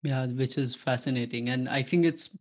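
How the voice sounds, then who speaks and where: A man's voice: medium pitch, steady tone, moderate pace. A man hosting a podcast and interviewing a guest, talking hesitantly with many fillers. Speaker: podcast host.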